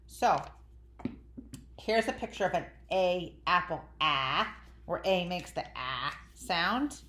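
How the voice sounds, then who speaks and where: Animated woman teaching young kids. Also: mid-range voice. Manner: animated, drawn-out sing-song teacher voice to young children. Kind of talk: children's phonics lesson. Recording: echoey room.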